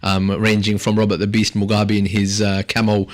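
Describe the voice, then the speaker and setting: A man with a slightly low voice hosts a casual radio talk show from the studio. He rambles along in a jokey way and laughs often. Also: completely flat delivery, moderate pace.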